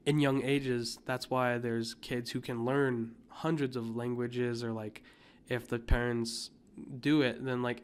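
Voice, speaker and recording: A young man from the United States, co-hosting a podcast in casual chat, rambling with lots of fillers and restarts. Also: medium pitch. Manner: rambling, many fillers and restarts, coughs now and then. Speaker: podcast co-host.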